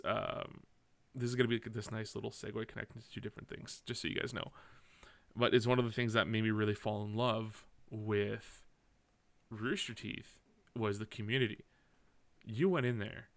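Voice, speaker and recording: A man's voice: on the low side, creaky, fairly bright tone, clear, resonant tone. Male podcast host from Canada, drinking on mic, rambling solo storyteller with self-corrections and casual swearing. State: drinking while talking.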